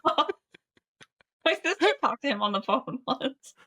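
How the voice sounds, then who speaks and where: A woman's voice: sits high, expressive, slow, sharp tone, slightly rough. A young woman co-hosting a casual podcast, telling anecdotes and laughing. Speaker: podcast co-host. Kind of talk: casual chat.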